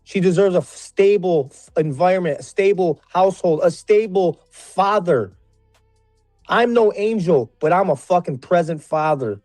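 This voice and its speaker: A man on a livestream panel in a heated, profane rant. He stumbles and repeats himself, and his voice climbs when he shouts. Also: high voice, lively intonation, moderate pace, no echo, faint music behind. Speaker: panel guest.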